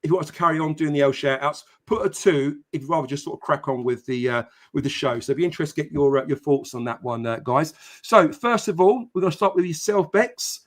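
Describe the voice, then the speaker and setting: A chatty man hosts a live football podcast stream, his voice sitting a little higher than most men's. He talks casually with plenty of ums and uhs. He greets viewers one by one by name. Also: fast, few pauses. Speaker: podcast host.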